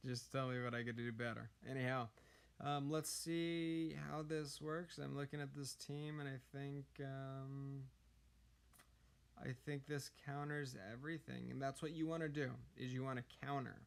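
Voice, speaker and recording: A man with a hoarse voice talks through game strategy at a slow, halting pace, filling his pauses with ums and uhs. Under the roughness of the cold his tone stays clean and smooth, and he keeps it casual and conversational. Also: medium pitch, flat delivery. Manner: hesitant, many ums and uhs. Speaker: gaming YouTuber. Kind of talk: casual game tips commentary.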